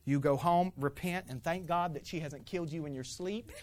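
A man preaching to a congregation, telling playful stories about his family with laughter and lively acting-out. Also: on the high side, moderate pace. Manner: animated, playful storytelling with laughter. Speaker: pastor. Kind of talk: sermon with personal stories.

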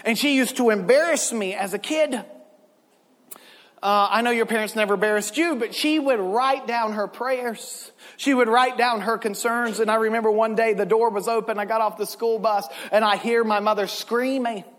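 A man preaching a sermon, telling stories with lively swings into loud shouts. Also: high-pitched, normal speed. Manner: animated storytelling, bursts into loud shouts. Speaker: pastor. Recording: long hall reverb.

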